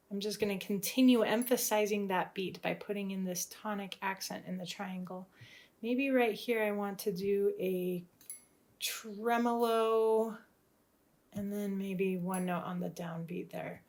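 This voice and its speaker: A woman teaching music theory, talking through a composition step by step, thinking aloud in a tentative, relaxed way. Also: medium pitch.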